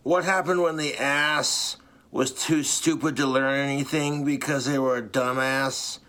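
A man's voice: mid-range voice, fairly even intonation, measured pace, bright, forceful tone. A man delivering amateur stand-up jokes in a brash, punchline-driven way. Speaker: comedian in played clips. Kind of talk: amateur stand-up comedy clip. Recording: played clip.

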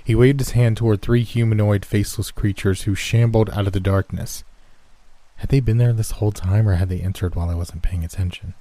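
A man narrating a first-person horror story in a steady, scripted storytelling manner. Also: lowish voice, brisk, no room sound.

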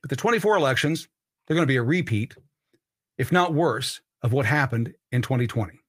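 Emphatic male podcast host, bright voice. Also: medium pitch, lively intonation, brisk, breathy edge, no room sound, clean studio sound. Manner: emphatic, preachy, repeats for emphasis. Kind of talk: political commentary monologue.

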